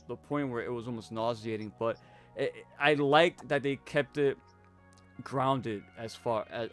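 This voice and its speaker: A man co-hosting a live horror movie review, talking casually and rambling with many restarts. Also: medium pitch. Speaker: co-host of a horror review show.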